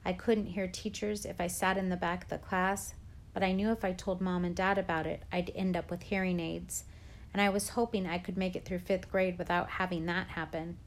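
A woman reading a chapter book aloud at a steady, even pace. Her voice sits a little on the low side for a woman. She reads clearly, in the manner of a story session. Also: normal speed.

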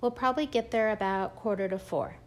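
A woman's voice: mid-range voice, brisk, close to an everyday voice. A woman voicing a worried middle-aged mother, anxious and pleading, in an audiobook reading.

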